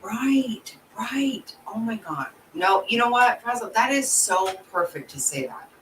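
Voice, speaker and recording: A woman's voice: a little high, lively intonation, measured pace, fairly bright tone. Blunt, swearing woman vlogger in a roomy echo. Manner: blunt, swears freely, emotional rants; talks to viewers and reads their comments. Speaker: channel host. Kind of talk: casual vlog commentary. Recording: roomy echo, distant from the mic, faint background noise.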